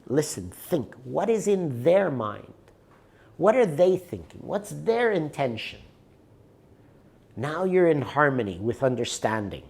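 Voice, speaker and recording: A man's voice: mid-range voice, darkish tone. A man presenting a workshop in a room, talking conversationally and checking in with his listeners. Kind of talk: live workshop talk with an anecdote.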